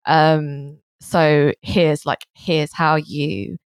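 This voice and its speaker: Low-voiced hesitant woman. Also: level tone, very slow, smooth, no echo, studio quality. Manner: hesitant, many restarts and hedges. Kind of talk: casual chat.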